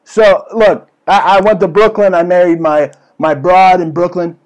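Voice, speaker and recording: A man's voice: high-pitched, steady tone, moderate pace, darkish tone, dull audio. A man hosting a comedy show with a brash, crude, ranting delivery. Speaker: host. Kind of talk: comedic political rant.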